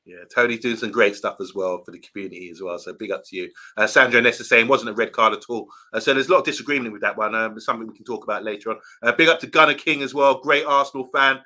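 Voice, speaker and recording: A man with a very bright, forceful voice hosts a casual live reaction show. He reads viewer comments aloud and gives them shout-outs in an easy, chatty manner. His pitch sits at an ordinary middle level for a man. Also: rapid-fire, hardly any pauses. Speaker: host reading viewer comments. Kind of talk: live watchalong reaction chat.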